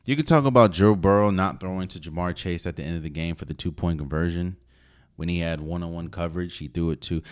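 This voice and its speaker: A man hosting a solo sports podcast, giving opinionated, emphatic commentary with sudden loud rises and quiet asides. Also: sits low. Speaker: podcast host.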